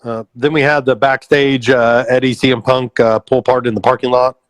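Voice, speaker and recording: A man's voice: medium pitch, level tone, a little fast, no echo. A man co-hosting a podcast, making dry jokes and moving the talk from topic to topic. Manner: dry joking, moves the topics along. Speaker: podcast co-host. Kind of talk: casual wrestling review chat.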